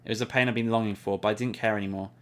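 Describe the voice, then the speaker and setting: A man's voice: fairly even intonation, very fast, a bit bright. Man reading a visual novel aloud. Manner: reads all parts, shifting pitch for characters. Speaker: game playthrough narrator. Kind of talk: reading game dialogue aloud.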